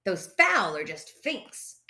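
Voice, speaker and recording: A woman's voice: mid-range voice, sing-song, slow, bright, forceful tone, heavily acted. A woman voicing Frank, a brash young male fox who boastfully leads his siblings, during a picture book read-aloud. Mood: bold. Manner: blustering, bold.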